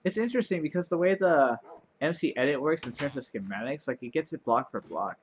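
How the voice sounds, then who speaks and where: Rambling, excitable man narrating gameplay. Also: a little high, brisk, muffled recording, slight background noise. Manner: rambling, chatty, lots of fillers; playfully sarcastic and excitable. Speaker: let's play commentator. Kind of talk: casual gameplay commentary.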